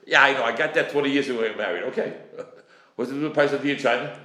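A man's voice: mid-range voice, quick pace, sharp tone. A man in his forties teaching a Talmud class, acting out creditor and debtor exchanges. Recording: echoey room.

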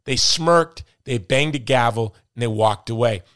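A man's voice: mid-range voice, a little slow, a bit bright, dry recording, clean studio sound. A middle-aged man hosting a podcast, ranting with emphatic, repeated words as he comments with passion. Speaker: podcast host.

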